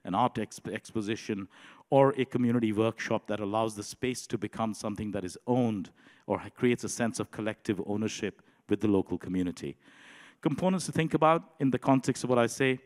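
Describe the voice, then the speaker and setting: A man giving a conference presentation in a measured way, often pausing with um and you know. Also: lowish voice, darkish tone, in a large hall. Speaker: conference speaker. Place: conference hall.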